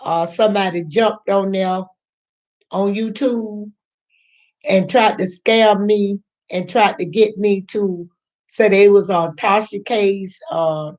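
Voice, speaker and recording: A woman's voice: mid-range voice, fairly even intonation, darkish tone. An older woman, a grandmother, telling a personal story in a chatty, rambling way, repeating herself and acting out what others said. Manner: slow, chatty, repeats herself, acts out quoted voices. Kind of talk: casual storytelling to camera.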